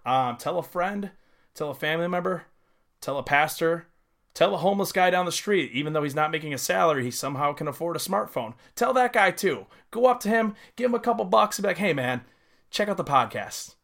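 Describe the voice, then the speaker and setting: A young man co-hosts a casual sports podcast, joking and animated. His voice sits fairly high with a bright, forceful edge. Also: fairly quick, vocal fry. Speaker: podcast co-host. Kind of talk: casual chat.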